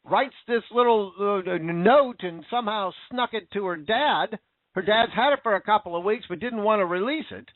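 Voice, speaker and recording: Speaking at a moderate pace in a voice that sits high, a commentator unleashes an angry, profane rant full of rhetorical questions, sarcastic at times. There's no room sound, just a dry, tinny, phone-like quality.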